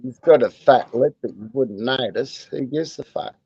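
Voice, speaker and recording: A man's voice: mid-range voice, moderate pace, warm tone, breathy edge, dry recording, highs cut off. An Australian man co-hosting a casual chat, joking in a crude, profane way.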